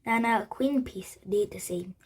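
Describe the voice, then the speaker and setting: A woman reading a children's chapter book aloud, halting with frequent restarts and slips. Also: mid-range voice, husky, rough recording. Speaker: storybook reader.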